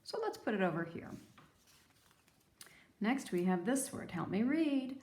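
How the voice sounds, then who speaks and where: Woman, teacher, sing-song children's lesson, drawn-out sounds, lively pitch, roomy echo. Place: room with table.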